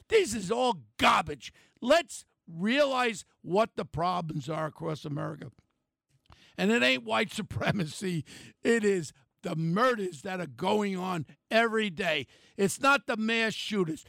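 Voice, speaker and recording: An older man, delivering a blunt, angry talk radio rant and shouting at times. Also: high voice, lively intonation, normal speed, creaky, dry recording, clean studio sound.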